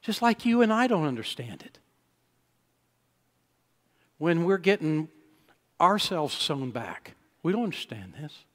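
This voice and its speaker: A male pastor preaching a sermon, telling a personal story and building to loud, emphatic peaks. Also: fairly high pitch, very animated, unhurried, long pauses. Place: church sanctuary. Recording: long church-hall reverb.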